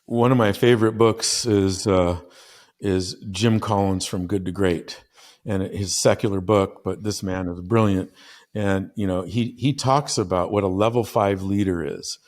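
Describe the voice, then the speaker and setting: A man's voice: low voice, fairly even intonation, a little slow, darkish tone. A middle-aged man, a podcast guest and business consultant, telling stories earnestly with frequent restarts. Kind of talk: conversational storytelling.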